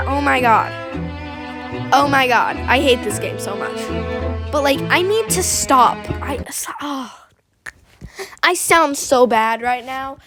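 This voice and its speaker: A woman's voice: a little high, sharp tone. A young woman chatting casually and self-consciously while playing a game, rambling, apologizing and swearing. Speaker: gaming video creator. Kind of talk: casual gameplay commentary.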